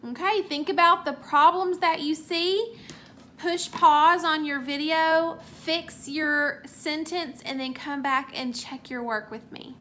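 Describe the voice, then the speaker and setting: Woman teacher, high bright voice, slow careful sounding-out for small kids, light background hum. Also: fairly even intonation. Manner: slow, clear sounding-out of words; encouraging praise after each answer. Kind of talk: remote phonics lesson for young children.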